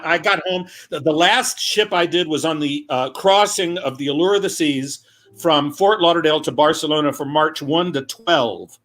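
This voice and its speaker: A male comedian on a video call, telling stories in a lively chatty way with quick asides. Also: a little high. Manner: animated, quick asides, acts out quoted voices. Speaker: comedian guest. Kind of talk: casual comic storytelling.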